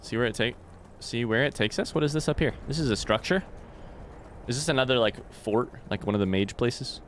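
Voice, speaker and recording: Here a gamer with a mid-range male voice speaks fairly fast, cursing freely and addressing the on-screen characters as he narrates his gameplay in a lively, casual way. A faint hiss or hum sits under the recording.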